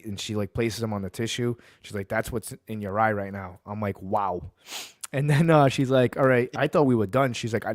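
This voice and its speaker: A man's voice: medium pitch, dry recording, clean studio sound. Fired-up man hosting sports talk. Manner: heated ranting, then relaxed storytelling. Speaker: podcast host. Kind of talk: casual sports talk and storytelling.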